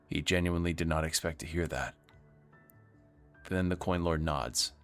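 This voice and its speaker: A man's voice: deep voice, moderate pace, fairly bright tone, faint music behind. A man streaming himself reading a narrative game aloud, with wry asides between the lines.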